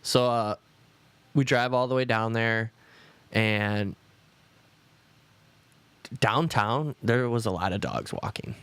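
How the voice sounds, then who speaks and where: A man's voice: mid-range voice, slow pace, long pauses, a bit bright, clean tone, no echo. A man co-hosting a podcast in casual chat, telling rambling stories, swearing often and acting out quotes. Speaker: podcast co-host.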